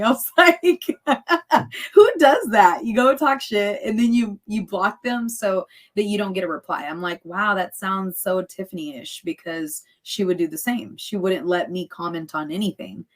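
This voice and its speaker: A woman's voice: medium pitch, normal speed, few pauses. Chatty woman in her thirties. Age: 30s. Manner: chatty, laughs often, acts out what others said. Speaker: podcast guest, fighter and cake baker. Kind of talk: casual podcast chat.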